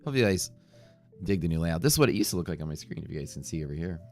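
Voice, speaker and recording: Low-voiced male streamer, casual and rambling, soft music in the background. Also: expressive, very fast. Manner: greets viewers by name, jokey and rambling. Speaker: livestream trading host. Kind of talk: casual livestream chat. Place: home streaming room.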